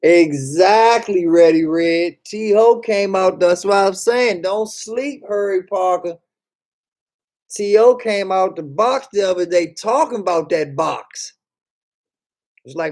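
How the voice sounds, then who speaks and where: A male streamer with a slightly high voice who talks slowly and drawls. He jokes and swears casually as he reacts to his chat. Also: lively intonation, a little mellow. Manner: joking, profane, reads chat aloud.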